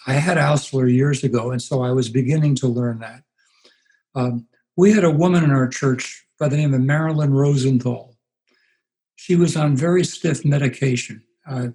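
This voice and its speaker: A man in his eighties, a pastor being interviewed, telling stories in an unhurried, reflective way. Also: mid-range voice, a little mellow, poor audio. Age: 80s. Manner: unhurried, anecdotal, puts on voices for quoted people. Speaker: guest, pastor.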